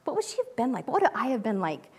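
A woman's voice: fairly high pitch, wildly swooping pitch, quick pace, a little mellow, breathy edge. A mother giving a casual devotional talk in a chatty style, full of fillers, who acts out the quotes she tells. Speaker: speaker, mother.

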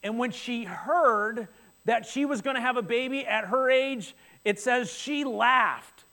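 A man preaching a sermon, retelling a scripture story in a conversational, animated way, often repeating words as he starts sentences. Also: extremely high pitch, unhurried, vocal fry. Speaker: pastor.

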